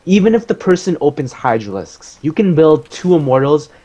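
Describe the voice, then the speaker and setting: A man casually explaining his own strategy game match as he plays it, relaxed, with many fillers. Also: a little high, moderate pace, lo-fi sound.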